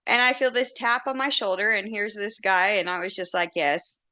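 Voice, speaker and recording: A woman's voice: medium pitch, fairly even intonation, moderate pace, bright, forceful tone. A woman in her forties, a podcast guest telling a story in casual chat, blunt and candid, acting out quotes and laughing often.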